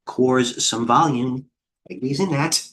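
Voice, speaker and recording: A middle-aged man hosting a live trading stream, talking in a rambling, excitable way and chatting with viewers. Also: mid-range voice, slow, slight background noise. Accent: New York. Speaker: trading coach hosting a livestream. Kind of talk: casual live market commentary.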